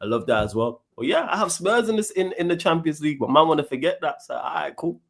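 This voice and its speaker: Quick-talking man, casual football stream co-host, animated banter. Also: on the high side, vocal fry, slight background noise. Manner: fast, animated, talks over others.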